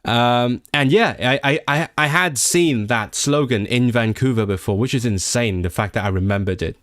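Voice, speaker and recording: A man's voice: medium pitch, moderate pace, no echo. Chatty young man streaming, dry sound. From Hong Kong. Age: late 20s. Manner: chatty, excitable, many restarts. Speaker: livestream host. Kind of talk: casual chat with stream viewers.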